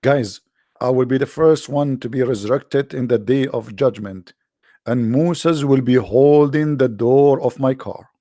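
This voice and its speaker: A man's voice: medium pitch, unhurried, dark tone, dry recording, studio quality. A man with an Arabic-accented English hosting a livestream, talking in a sarcastic, mocking casual commentary. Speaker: livestream host.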